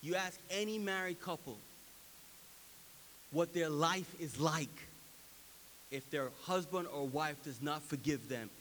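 A man preaching a sermon with a high, bright voice. He swings from hushed reflection to loud, emphatic preaching, and a long hall reverb trails his words. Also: slow pace, long pauses, slight background noise. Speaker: pastor.

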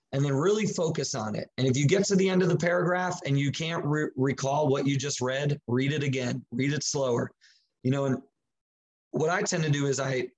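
Husky-voiced man giving casual Bible advice. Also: medium pitch, rough recording. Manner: conversational, practical, with many fillers and restarts. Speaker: Christian teacher. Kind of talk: casual teaching talk.

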